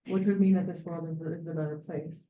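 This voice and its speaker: A woman's voice: fairly low pitch, fairly even intonation, quick pace. A woman taking part in a class, thinking aloud tentatively. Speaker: class participant. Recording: dull, echoey, distant audio.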